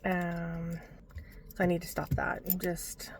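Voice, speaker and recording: A woman's voice: on the low side, fairly even intonation, takes it slowly, vocal fry, noisy background. A woman vlogging from a parked car into a phone camera, talking candidly and rambling, with fillers and the odd swear word. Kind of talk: candid personal vlog.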